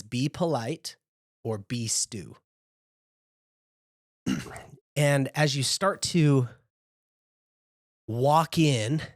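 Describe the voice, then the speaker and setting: Unhurried male game master, dry close sound. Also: mid-range voice, dry recording. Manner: descriptive, unhurried, with filler asides. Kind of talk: narrating a tabletop game.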